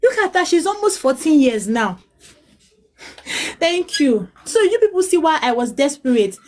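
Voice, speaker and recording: A Nigerian woman in her late thirties with a high, bright-pitched voice tells her hard life story, slipping between English and Pidgin. She pleads and restarts often, her words tumbling out with feeling. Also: sing-song, normal speed. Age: 30s. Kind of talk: emotional personal testimony.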